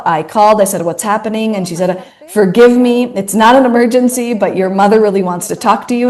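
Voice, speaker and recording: A woman's voice: medium pitch, warm tone. A woman in her thirties giving an earnest inspirational talk, repeating phrases for emphasis. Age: 30s. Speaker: speaker.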